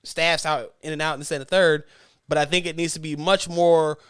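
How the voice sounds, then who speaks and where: A man's voice: a little high, little pitch movement, brisk, a bit bright, smooth, dry recording, clean studio sound. A man hosting a sports podcast, talking casually and with strong opinions, rambling a bit and correcting himself as he goes. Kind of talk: casual sports talk monologue.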